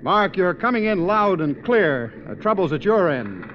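A brisk, fairly high-voiced lieutenant who calls over the radio from ground control. He speaks in 1950s radio drama style on a lo-fi recording with clear background noise. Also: big pitch swings.

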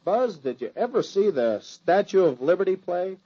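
Casting the firm football hero of a radio serial, level-headed, lo-fi vintage broadcast. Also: male voice, sits high, moderate pace, breathy edge, full character voice. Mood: determined. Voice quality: firm, steady and resolute. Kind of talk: old-time radio drama acting. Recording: dull lo-fi old radio recording.

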